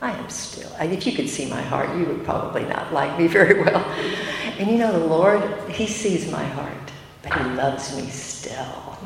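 A woman's voice: sits low, lively intonation, moderate pace, gravelly. An older woman giving an earnest, emotional testimony to a gathering of women, with self-deprecating asides. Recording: echoey hall with faint room noise.

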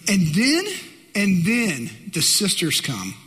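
A middle-aged male pastor delivers a sermon in a high, bright voice. He tells family stories with animated humor. His words carry a long reverb from a big hall. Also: takes it slowly, slight background noise.

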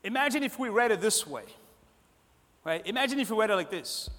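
Male preacher, bright and high-pitched, emphatic and then hushed in turns, sermon recorded in a reverberant sanctuary. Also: expressive, brisk, long pauses. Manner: repetitive, swings between loud emphasis and soft hushed lines. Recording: long hall reverb.

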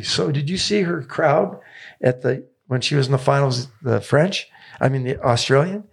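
A man's voice: medium pitch, moderate pace, gravelly. A man in his seventies, a tennis coach telling stories as a podcast guest, enthusiastic and repeating phrases for emphasis. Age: 70s.

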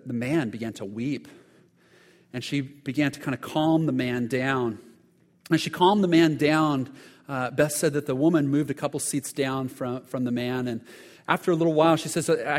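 A man's voice: a little high, long reverb tail. A man preaching a sermon, telling stories earnestly with frequent restarts and repeated words. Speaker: pastor.

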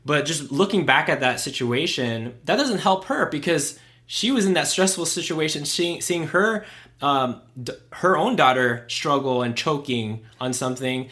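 A man's voice: fairly high pitch, fairly bright tone. A young adult man co-hosting a podcast, talking in an earnest, self-reflective casual way with frequent fillers. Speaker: podcast co-host. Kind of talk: casual chat.

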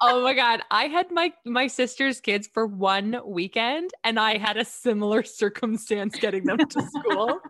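A woman's voice: a little high, animated, a little slow, few pauses, a bit bright, no echo, studio quality. A woman hosting a podcast who chats casually and supportively, using "like" often. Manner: supportive, chatty, fillers of "like". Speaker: podcast host. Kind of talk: casual chat.

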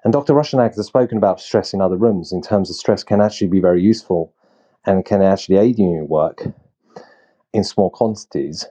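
Low, mellow-voiced male moderator. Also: fairly quick, dull audio. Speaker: panel moderator. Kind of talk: moderating a panel discussion.

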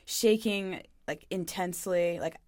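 A woman's voice: lowish voice, measured pace, a little mellow, dry recording, clean studio sound. A young woman co-hosting a podcast, openly telling a personal story in casual chat, full of "like" and quoted self-talk. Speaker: podcast co-host.

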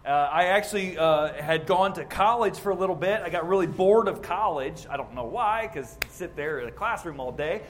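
A man's voice: on the high side, animated, moderate pace, hardly any pauses, a little hiss or hum. A man and racing ministry chaplain giving an informal sermon at a racetrack, telling a personal story in a conversational, plainspoken way.

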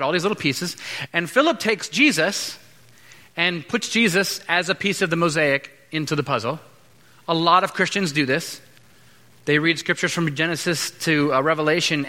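A man preaching a sermon as pastor, conversational, acting out quick asides between points. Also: fairly high pitch, pushed and bright. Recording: long hall reverb.

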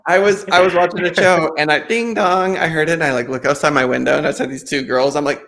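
A middle-aged man hosting an interview podcast, chatting casually and telling lively anecdotes. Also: fairly high pitch, fast, vocal fry. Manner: animated storyteller, acts out voices in anecdotes. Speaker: podcast host.

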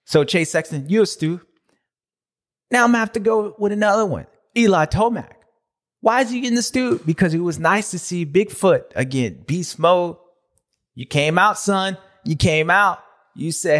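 A man hosting a racing recap show in a jokey, slangy, excitable way. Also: a little high, normal speed. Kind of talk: comedic recap commentary.

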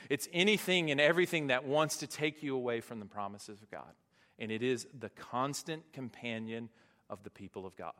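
A man preaching a sermon in a relaxed, conversational way, rising to emphatic peaks. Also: mid-range voice. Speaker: pastor. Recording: long hall reverb.

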